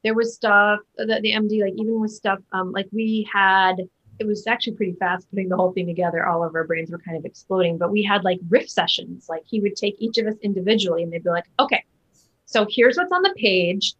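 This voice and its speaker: Talking fast in a casual interview, this Broadway actor has a husky, breathy, mid-range voice with a fairly bright tone and fairly even intonation. She chats loosely, using lots of fillers and restarting her sentences, over muffled, lo-fi audio.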